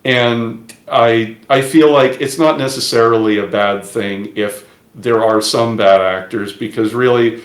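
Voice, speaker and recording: A man talks through a video call about running his event, with a middle-pitched voice. He stumbles and restarts his words often and laughs easily. The room around him rings with plenty of echo. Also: steady tone, a little slow. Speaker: demoparty organizer, interview guest. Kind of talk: casual interview over a call. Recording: echoey room.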